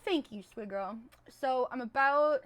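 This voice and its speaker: A young woman with a squeaky, fairly high voice chats on a live stream. She rambles in a bubbly way and keeps swinging from loud bursts to hushed asides. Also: a little slow. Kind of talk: casual chat.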